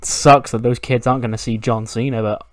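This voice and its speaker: A man's voice: medium pitch, flat delivery, brisk, no echo, natural voice. A breezy, entitled male wrestler who talks himself up, as a man quotes him offhand in nearly his own voice. The tone is casual and light. The sound is dry and close, with no room around it. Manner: offhand paraphrased quoting.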